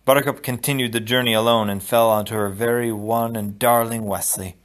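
A man reading a novel aloud in a steady, measured narration. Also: mid-range voice. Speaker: audiobook reader. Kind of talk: storybook read-aloud.

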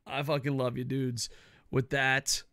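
A middle-aged man ranting loudly about wrestling, cranky and swearing constantly. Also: medium pitch, little pitch movement, a little slow, no echo, studio quality. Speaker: wrestling commentary vlogger. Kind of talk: profane ranting commentary.

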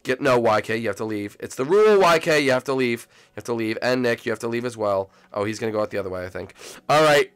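A man's voice: medium pitch, quick pace, smooth. A man hosting a gameplay channel, chatting casually to viewers and yelping at game moments. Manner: excitable, yelps and shouts at game moments; chatty, talks to viewers as "folks".

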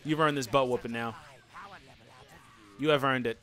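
A man doing let's play commentary, excitable and yelling taunts at his opponents over faint game music. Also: medium pitch, moderate pace, long pauses. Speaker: gaming channel host.

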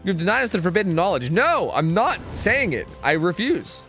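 Guy streamer cussing and goofing off over his game, super bouncy pitch, some music under it. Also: moderate pace. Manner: excitable, swears a lot, jokey. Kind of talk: casual gameplay commentary.

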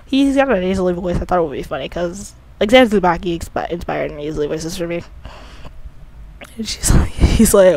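The creator of an audio drama series rambles through a casual commentary, offhand and slightly sleepy, often restarting and correcting themselves. The voice is medium-pitched, a little fast, and a little mellow.

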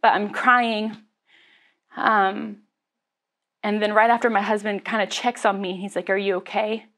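A young adult woman pastor delivers a sermon in an open, talkative way. She speaks at a middle pitch, laughs between lines, and leans on fillers and asides as she goes. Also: level tone, measured pace, fairly bright tone. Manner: candid, conversational, laughs often, frequent fillers.

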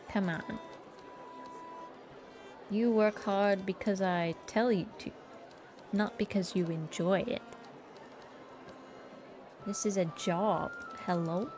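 A woman streaming a game, chatting casually to herself in a playful, jokingly bossy way. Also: mid-range voice. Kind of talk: casual gameplay commentary.

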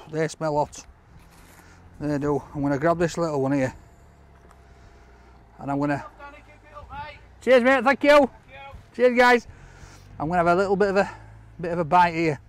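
A man with a Hull accent chatting excitedly to camera as a vlog host, exclaiming a lot. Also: a little high, moderate pace, long pauses. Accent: Hull, East Yorkshire. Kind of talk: casual vlog chat.

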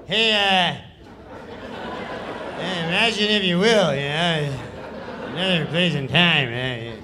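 A man's voice: fairly high pitch, background noise. A lazy, mumbling comic, as a man puts him on, who stumbles through his lines with uhs and you-knows. He stays unbothered and loose. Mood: offhand. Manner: mumbling, halting, with fillers.

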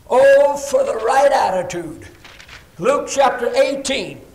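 A preacher delivering a fiery sermon with heavy emphasis, quoting scripture in old-fashioned English. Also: male voice, extremely high pitch, poor audio.

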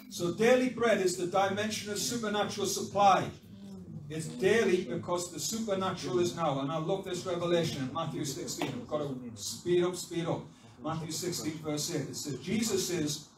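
A fervent man preaching in a large church, his voice set fairly high for a man and rising to loud exhortation. He is heard from some distance, with the sound ringing around the hall. The congregation calls back to him throughout. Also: normal speed, a crowd in the background. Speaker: pastor. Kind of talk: sermon. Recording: echoey hall, voice from far off. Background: congregation responding.

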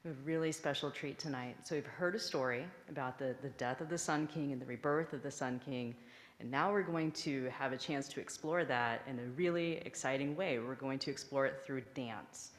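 A woman's voice: rumbling low, fairly quick. A woman leading a church service, introducing the next part in a friendly, informal way. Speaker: service leader. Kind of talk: announcement at a service. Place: church sanctuary.

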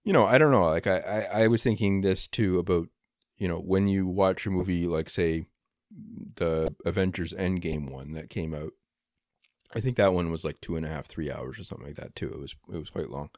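A man with a low voice hosts a casual podcast discussion. He rambles and hedges, circling his point with fillers. The sound is dry, with no room echo. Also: a little fast. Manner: rambling, hedging with many fillers. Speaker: podcast host.

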